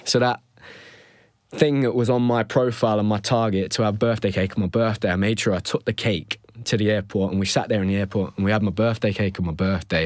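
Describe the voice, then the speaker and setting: Low-voiced man telling a personal story. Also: steady tone, no room sound. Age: 30s. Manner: reflective, emotional, halting with restarts. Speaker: podcast host.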